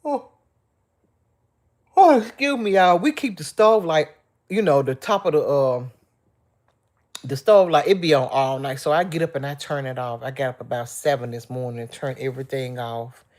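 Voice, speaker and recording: A middle-aged woman talks to her live viewers in a soft, tearful, emotional way, venting to them in an easy, chatty manner. She addresses the audience as y'all and reads their comments aloud between her own thoughts. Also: very deep voice, moderate pace. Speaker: vlogger on a livestream. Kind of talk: casual live-stream chat, reading out comments.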